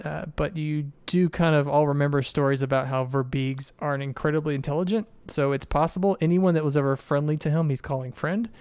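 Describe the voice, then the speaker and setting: A man running a tabletop game, narrating the scene in a relaxed, descriptive way. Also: on the high side, clean tone, no echo. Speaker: game master.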